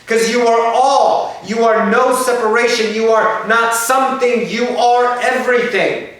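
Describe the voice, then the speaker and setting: A woman's voice: fairly high pitch, steady tone, unhurried, natural voice. Woman channeling a solemn otherworldly spirit. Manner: incantatory, repetitive preaching in fragments. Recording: very echoey room, distant mic.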